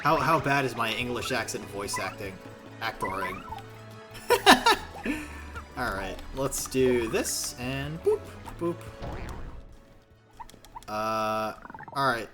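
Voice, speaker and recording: A man's voice: mid-range voice, animated, slow pace, pauses often, music in the background. A man streaming a video game who rambles casually, makes fun of himself and swears freely. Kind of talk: casual gaming stream commentary.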